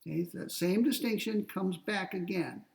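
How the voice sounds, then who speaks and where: A man lecturing on ethics, explaining step by step in a deliberate way and slowing down to read quoted passages. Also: sits high, vocal fry, darkish tone, recorded from a distance, poor audio. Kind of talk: classroom lecture.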